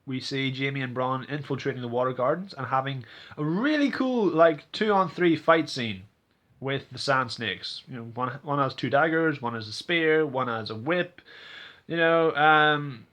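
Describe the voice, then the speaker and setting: A man talks through a TV episode in a loose, rambling recap, full of "you know" and restarts. His voice is bright and forward. Now and then he bursts into loud, high, exaggerated impressions of the characters. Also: unhurried. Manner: animated, acts out characters' lines in exaggerated voices; rambling with frequent fillers and restarts. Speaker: TV episode reviewer. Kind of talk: casual recap and commentary.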